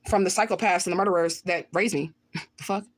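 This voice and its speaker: A woman's voice: on the low side, fairly even intonation, quick pace. A woman hosting her own channel, reading viewer comments and answering them in blunt, profane outbursts, often repeating her lines. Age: adult with children. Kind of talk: livestream chat.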